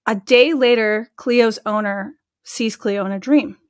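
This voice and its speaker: A woman in her thirties, an animal communicator and medium, telling stories in a casual, animated way as an interview guest, full of "like" fillers. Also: a little high, measured pace, no echo, clean studio sound. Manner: chatty and animated, with frequent "like" fillers.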